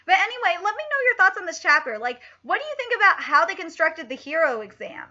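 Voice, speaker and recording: A woman with a very high voice gives live reaction commentary, swooping up and down as she gets worked up. She swears freely and breaks into laughs. Her voice is bright and sharp, and the home stream audio is muffled and lo-fi. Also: fast. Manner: excitable, frequent swearing, laughs a lot.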